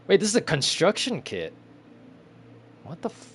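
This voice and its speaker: Young male streamer, low-pitched, talks to himself while playing, confused and cursing, faint hiss behind. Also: wildly swooping pitch, moderate pace, pauses often, a bit bright. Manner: muttering to himself, confused and swearing. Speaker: gameplay streamer. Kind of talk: casual gameplay commentary.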